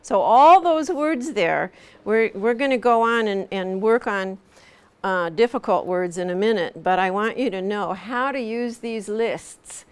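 A woman's voice: medium pitch, animated, unhurried, smooth. A middle-aged woman teaching pronunciation to a class, patiently demonstrating sounds and repeating them. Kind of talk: classroom instruction. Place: classroom with students.

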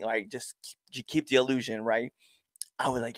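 Young male wrestler guest, lively storyteller, dry close mic. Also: a little fast, dry recording. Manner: animated storyteller, acts out crowd exchanges with big pitch jumps. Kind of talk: casual storytelling interview.

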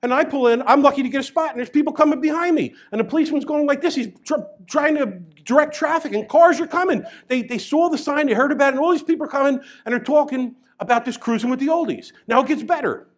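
A middle-aged man, a chiropractor telling an animated story to an audience. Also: very high voice, fast, few pauses. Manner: animated, grows loud and excited as the story builds. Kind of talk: storytelling talk.

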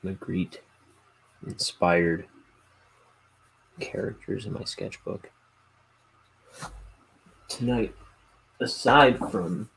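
A man's voice: on the low side, slow, vocal fry, long pauses, fairly bright tone, husky, rough recording. A man chatting casually while he inks a drawing. He rambles and hesitates, and mocks himself with a chuckle. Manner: rambling and hesitant, with many fillers and restarts; self-mocking, chuckling to himself. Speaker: comic artist inking live.

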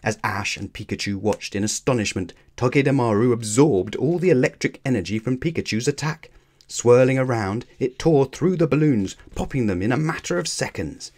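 A man reading a children's storybook aloud in a measured, expressive way. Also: medium pitch. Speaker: children's book reader.

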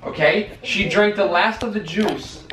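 A man's voice: sits high, unhurried, heavy background noise. A man bantering at home with his partner, teasing and stubborn in a dry way. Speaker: vlogger's boyfriend. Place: home living room. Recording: roomy home camera audio.

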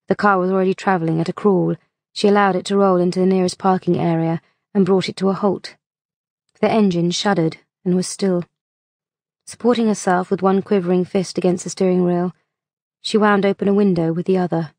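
A woman narrating an audiobook in a measured, unhurried reading voice on a close mic. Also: lowish voice, fairly even intonation, darkish tone, dry recording.

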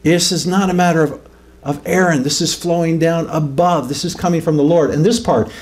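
A fairly high-voiced man gives an informal teaching sermon. He talks conversationally, keeps asking his listeners questions, and then builds up to emphatic peaks. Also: fairly even intonation, a little fast, darkish tone. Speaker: pastor.

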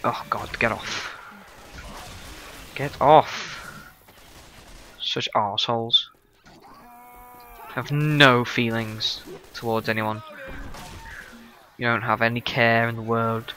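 A man's voice: mid-range voice, little pitch movement, slow, long pauses, sharp tone. A man giving sarcastic, exclaiming commentary while playing a video game. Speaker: gaming video host. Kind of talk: let's play commentary.

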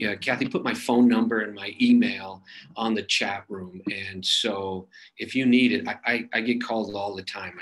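An earnest man answering audience questions on a video call. His voice sits fairly low, and he talks plainly, with many fillers and restarts as he thinks aloud. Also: a bit bright, poor audio. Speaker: suicide prevention expert answering audience questions. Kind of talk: webinar Q&A, conversational.

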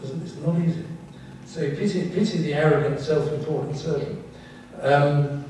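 Older English surgeon, dry self-deprecating lecturer, recorded from afar in a reverberant hall. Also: male voice, medium pitch, a little mellow, a little hiss or hum. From England. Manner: wry, candid, self-deprecating asides. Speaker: neurosurgeon giving a talk. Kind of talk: public talk with audience questions. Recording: echoey hall from far off.

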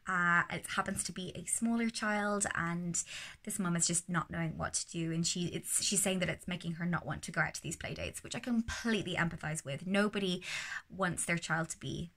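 A woman giving casual parenting advice, calm and steady, sometimes slipping into a soothing sing-song. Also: on the low side. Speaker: parenting educator.

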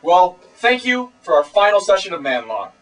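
Teen guy, high voice that swings around a lot, preachy fake-serious, far from the mic. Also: sing-song, moderate pace, a bit bright. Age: teenage. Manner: pompous, preachy mock authority. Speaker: co-host of a comedy web show. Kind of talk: mock-serious comedy sketch. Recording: voice distant from camera mic.

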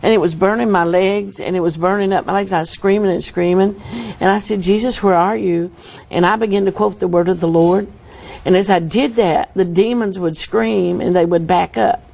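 Woman guest, earnest storyteller, strong vocal fry. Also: lowish voice, steady tone, a little fast, a little mellow. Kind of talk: testimony interview.

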